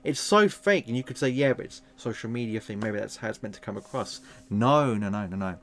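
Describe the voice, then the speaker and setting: A man giving a casual, sarcastic film review, animated and exasperated as he rants. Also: on the low side, fairly quick.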